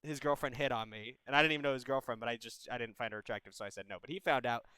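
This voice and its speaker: A man's voice: mid-range voice, fairly even intonation, very fast, bright, forceful tone, smooth, dry recording, rough recording. A man in his twenties hosting a call-in advice stream, giving blunt, profane, brotherly advice in casual chat. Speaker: advice show host.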